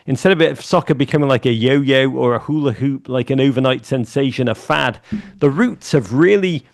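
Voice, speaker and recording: A man, a guest telling lively anecdotes in a casual interview. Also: medium pitch, vocal fry. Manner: animated anecdotes, fast asides. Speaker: guest, media founder and author.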